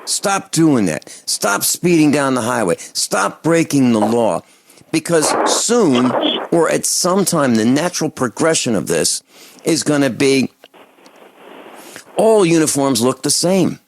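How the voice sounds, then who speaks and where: A man hosting a call-in radio talk show, delivering an impassioned, indignant rant that swings between loud outbursts and low muttering. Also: very animated, slow, slight background noise.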